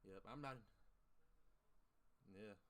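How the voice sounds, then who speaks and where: Man, low voice, casual livestream chat, rambling, swears a lot, hyping up his viewers. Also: drawn-out words, pushed and bright. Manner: rambling, profane, pep-talk to chat. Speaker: day trader streaming to viewers.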